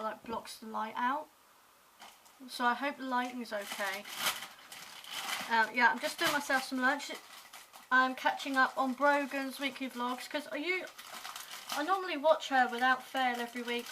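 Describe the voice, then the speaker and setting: A woman's voice: fairly high pitch, noisy background. A young English woman from Hampshire with a slight London twang, chatting casually and rambling through a daily vlog on a compact camera. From Hampshire, England. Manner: chatty, rambling, self-mocking asides. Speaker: vlogger. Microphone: compact camera mic.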